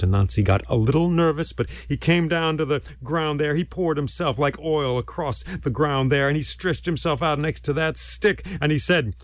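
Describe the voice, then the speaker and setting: A man's voice: a little high, moderate pace, hardly any pauses, dry recording. A man telling a folk tale aloud in a rhythmic, repetitive storytelling manner. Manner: animated, rhythmic, repetitive phrasing.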